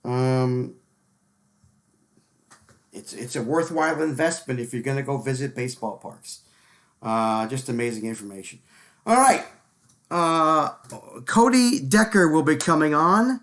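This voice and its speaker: A man's voice: medium pitch, animated, fairly bright tone. A man hosting a live sports talk show, chatting casually with many fillers and repeated words. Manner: filler-heavy, repeats words, quick to laugh. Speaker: podcast host.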